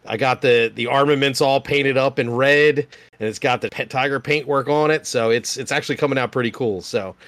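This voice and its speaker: A man co-hosting a casual podcast, easygoing and quick to laugh. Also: mid-range voice, a bit bright, no echo. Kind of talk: casual chat.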